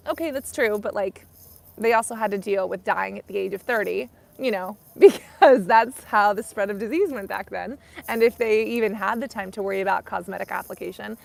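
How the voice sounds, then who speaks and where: Chatty young woman with a gravelly edge. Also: medium pitch. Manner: chatty, rambling, frequent "like" and "you know". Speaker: skincare YouTuber hosting a live stream. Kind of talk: casual live-stream chat.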